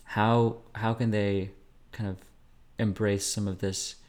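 Deep, flat-voiced male interviewer. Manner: halting, searching for words. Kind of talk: interview question.

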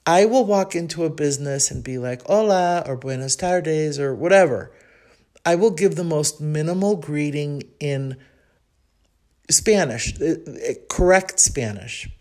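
A woman from Chicago with a Chicago accent, hosting a podcast and telling a personal story in a chatty, reflective way, thinking aloud with frequent pauses. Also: low voice, lively intonation, a little mellow. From Chicago, United States. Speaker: podcast host.

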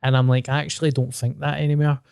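A man's voice: medium pitch, little pitch movement, fast, creaky, darkish tone, smooth, dry recording, studio quality. A Scottish man hosting a podcast, chatting casually, blunt and sweary with a joking manner. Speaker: podcast host. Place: venue with a dry sound.

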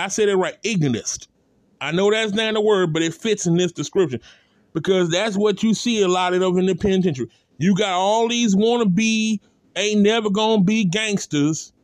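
A man's voice: high voice, normal speed, dry recording. A man giving a blunt, impassioned spoken rant, hammering points with repeated rhetorical calls and casual speech. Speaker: commentator.

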